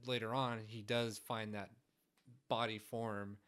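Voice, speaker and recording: A man chatting casually about a film, relaxed and agreeable, thinking aloud as he goes. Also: lowish voice, slow pace.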